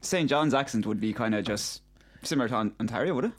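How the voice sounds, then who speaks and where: Man, South Kilkenny Irish accent, husky, casual podcast chat, laughs easily. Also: medium pitch, expressive, quick pace. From South Kilkenny, Ireland. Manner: laughs easily, short agreeing replies.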